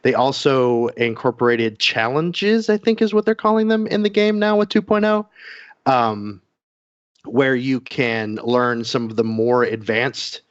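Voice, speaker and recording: A man's voice: mid-range voice, expressive, a little slow, smooth, dry recording. A man co-hosting a casual gaming news podcast, chatty and rambling with lots of fillers. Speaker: podcast co-host. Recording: dull lo-fi sound.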